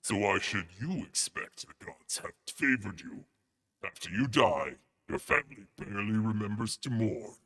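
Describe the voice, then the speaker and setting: A solemn male narrator of doom, as a streamer puts on a voice far below his own, pronouncing judgment in a gravelly, husky tone. His words trail off into a long, hall-like reverb. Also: animated, normal speed, sharp tone, heavily acted. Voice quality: deep and gravelly.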